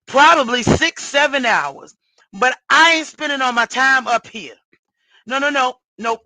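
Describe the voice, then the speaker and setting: Middle-aged woman host, casual and cussing, bright dry voice. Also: mid-range voice, no echo, rough recording. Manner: blunt, salty, cussing and exasperated. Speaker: livestream host. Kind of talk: casual livestream chat.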